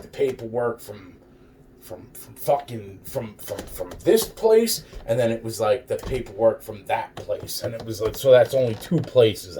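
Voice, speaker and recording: A man rambles in a loose, profane monologue, chuckling to himself between phrases. His voice is dark and mellow, and he sits a little back from the mic. A faint hum of noise runs underneath. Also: mid-range voice, recorded from a distance.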